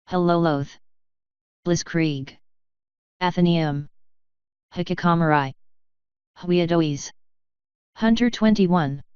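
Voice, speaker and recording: A woman reading a long list of supporter names for a fanfiction reading channel, in a slow, even way. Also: fairly low pitch, clear, resonant tone, no room sound, dull audio. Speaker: fanfiction reader.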